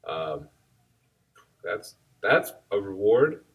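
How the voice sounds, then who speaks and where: A man, a martial arts instructor co-hosting a podcast, reflecting thoughtfully on teaching in measured phrases. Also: sits low, sing-song, breathy edge, distant mic, phone-quality sound. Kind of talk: casual chat.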